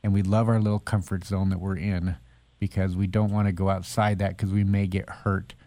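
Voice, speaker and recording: A man's voice: low voice, flat delivery, a little fast, dark tone, no room sound. A man, an author and speaker, earnestly telling a personal story in a conversational interview. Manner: earnest storytelling, acting out quoted voices.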